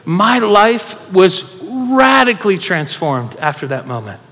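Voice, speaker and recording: A man's voice: high-pitched, very animated, slow, fairly bright tone. A man preaching a sermon to a congregation, telling stories and urging listeners to respond. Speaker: pastor. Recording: long hall reverb.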